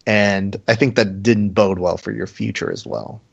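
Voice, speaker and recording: A man's voice: lowish voice, fairly even intonation, moderate pace, gravelly, slightly rough, highs cut off. A man hosting a casual podcast chat, joking and riffing with his co-hosts. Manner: jokey, riffing with bits. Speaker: podcast host.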